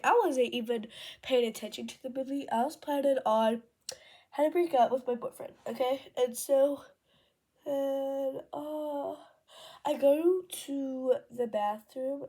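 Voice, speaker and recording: A woman's voice: sits high, dark tone. A teenage girl telling a rambling storytime while doing her makeup, full of ums and self-corrections. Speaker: vlogger.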